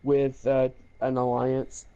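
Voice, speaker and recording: A young man telling a game story in casual chat, animated, laughing and swearing. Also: medium pitch, slow, dull audio.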